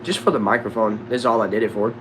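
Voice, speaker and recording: A young man with a Southern accent from Texas, casually answering chat questions on a livestream in a relaxed, drawling way. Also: on the low side, fast talker, noisy background. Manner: laid-back, drawling, says bro and dude a lot. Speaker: livestream host reading chat. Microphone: desk microphone.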